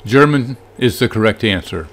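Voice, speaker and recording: A man's voice: fairly low pitch, animated, a bit bright. A man co-hosting a live show, reading trivia and viewer answers with dry, teasing humor. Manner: dry and teasing, reads out names quickly. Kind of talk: casual live-show banter.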